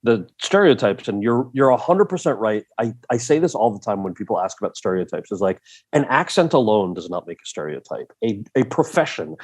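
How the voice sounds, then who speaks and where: A man in his forties, a podcast guest, telling a long story in an animated way and acting out the voices of the people in it. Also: on the low side. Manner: animated, acts out quoted voices in his anecdotes.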